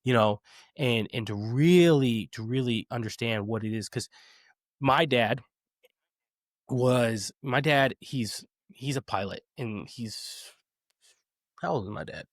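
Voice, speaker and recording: A man's voice: mid-range voice, takes it slowly, no room sound. Chatty man in his thirties, dry sound. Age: 30s. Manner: chatty, laughs often, many fillers and restarts. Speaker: podcast host. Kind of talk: casual podcast conversation.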